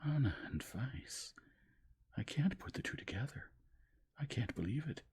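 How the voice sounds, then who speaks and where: Breathy high whisper, upset pleading noblewoman as a guy puts her on, whispered role-play. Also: big pitch swings, unhurried, darkish tone, full character voice. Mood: distraught. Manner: urgent, imploring. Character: distressed pleading noblewoman, Dolly.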